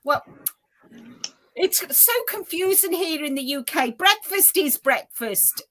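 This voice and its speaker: A woman's voice: high-pitched, expressive, slow pace, crowd noise. A woman with a South African accent hosting a casual crochet livestream, chatting and laughing easily. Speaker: livestream host.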